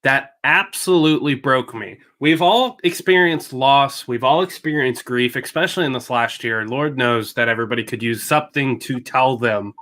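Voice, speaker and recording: A man's voice: mid-range voice, normal speed, few pauses, bright, forceful tone. A young man hosting a casual panel chat over a video call, talking in a chatty way with restarts and jokes, turning earnest when he praises a film. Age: young adult. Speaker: host.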